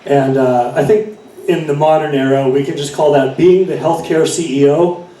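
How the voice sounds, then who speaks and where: A man's voice: a little high, steady tone, normal speed, mellow. A middle-aged man performing a stand-up set in a bar, rambling with many fillers and self-corrections. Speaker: stand-up comedian. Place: bar stage. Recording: echoey room from far off.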